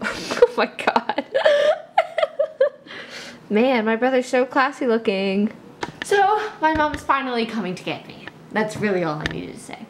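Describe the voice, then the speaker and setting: A woman's voice: on the high side, big pitch swings, measured pace. A young woman talking casually to her viewers in a rambling vlog, full of "like" and "um". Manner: rambling, filler-heavy talk. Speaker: vlogger. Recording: echoey room with faint noise.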